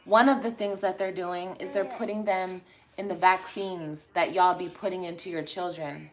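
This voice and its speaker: A woman's voice: fairly low pitch, fairly even intonation, normal speed. A woman vlogger chatting casually on a livestream, blunt, sassy and profane as she scolds viewers. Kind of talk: casual livestream chat replying to comments.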